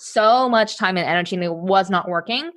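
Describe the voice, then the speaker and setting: Guest: casual woman consultant, fast and easygoing, mid-pitched, plenty of fillers. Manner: quick, casual, lots of "like" fillers, laughs easily. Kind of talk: conversational interview.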